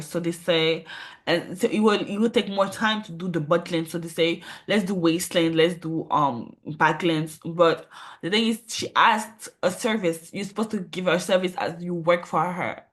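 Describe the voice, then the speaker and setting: A woman's voice: lowish voice, normal speed. A woman hosting casual commentary on a clip, speaking earnestly and checking in with rhetorical "right?" asides. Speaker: commentator host.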